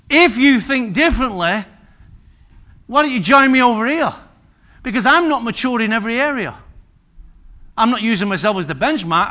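An older man delivers a sermon to a church congregation, leaning on personal stories and questions to the room. His voice sits high and sounds bright and forceful. He keeps the telling lively throughout. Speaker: preacher.

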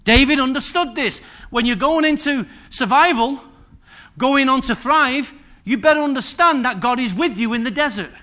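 Male pastor in a sermon; conversational, jokes, repeats lines; high, bright voice. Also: moderate pace. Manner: humorous, conversational preaching with repetition and asides to the congregation. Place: church service.

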